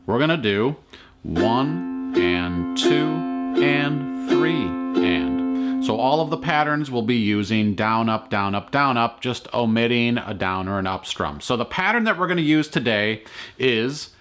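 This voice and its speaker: Guy teaching uke, calm, counting beats, mid pitch, ukulele strumming loud under him. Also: moderate pace, over music. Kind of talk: instructional play-along tutorial.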